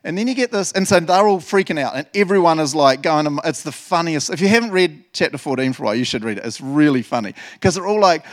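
A man preaching a sermon in an animated, laughing way, acting out voices from the Bible. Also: fairly high pitch, fast talker, hardly any pauses. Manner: animated, laughs often, acts out voices of biblical figures. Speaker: pastor.

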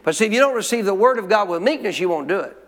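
A male pastor races through an emphatic sermon in a high, expressive voice, calling on the congregation to answer him. The church sanctuary gives the recording a long hall reverb.

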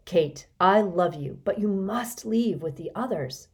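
Devoted father giving orders gently but firmly, read by a woman narrator. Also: lowish voice, measured pace. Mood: tender. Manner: tender yet firm. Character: loving brave father, tender and resolute.

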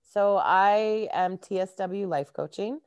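A woman's voice: mid-range voice, takes it slowly, darkish tone, clean tone, no room sound, clean studio sound. A Canadian woman, a life coach, chatting casually as an interview guest and laughing often.

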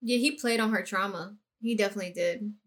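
A woman in casual chat about a novel, talking eagerly in quick bursts full of "like". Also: medium pitch, fairly bright tone. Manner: eager, talks in quick bursts with many "like" fillers. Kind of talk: casual book discussion.

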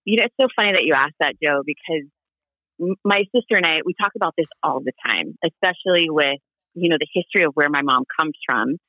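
Bright-voiced, animated man from Hawaii. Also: on the high side, fast talker, no echo, dull audio. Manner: animated, laughing, acts out quoted voices. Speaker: podcast guest. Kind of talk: casual interview storytelling.

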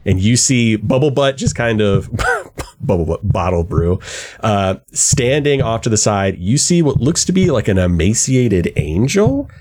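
A man's voice: fairly low pitch, very animated, unhurried, darkish tone. A man narrating a tabletop game as game master, in a casual, filler-heavy way. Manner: casual, with lots of filler likes.

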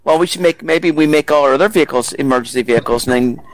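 A man hosting a podcast, asking curious questions and reacting with quick interjections. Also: on the high side, background noise. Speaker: podcast host.

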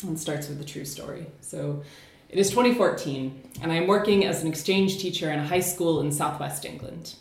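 An American woman whose accent has been slightly reshaped by life in Scotland performs a spoken word poem. Her delivery is measured and rhythmic, slowing on key phrases. Her voice sits a little low, and the room around her rings with echo. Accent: American, slightly shifted by living in Scotland. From United States.

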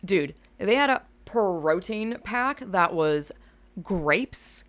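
A woman from Georgia, hosting her own podcast in a rambling, profane, self-mocking way, animated and loud. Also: medium pitch, very slow. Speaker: podcast host. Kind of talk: casual solo podcast monologue.

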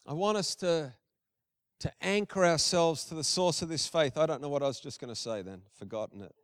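Middle-aged male pastor, high clear voice, dry and close, preaches casually with emphatic repetition. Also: a little fast, no room sound. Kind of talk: sermon.

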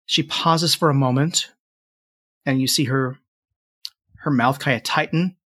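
Male game master narrating a fantasy session, unhurried, dry close sound. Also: mid-range voice, breathy edge, no room sound. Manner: relaxed storytelling with frequent fillers.

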